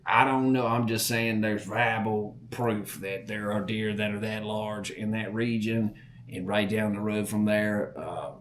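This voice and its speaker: A man from Southern Virginia with a Southern accent, hosting a podcast and telling hunting stories in a folksy, animated way. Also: fairly low pitch. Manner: folksy, animated, repeats words while telling a story. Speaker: podcast host. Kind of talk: casual storytelling.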